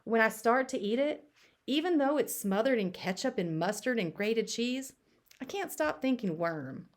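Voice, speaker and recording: A woman's voice: on the high side, animated, moderate pace, lightly acted. A woman voicing a tired, queasy boy in a storybook read-aloud, sounding reluctant. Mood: weary.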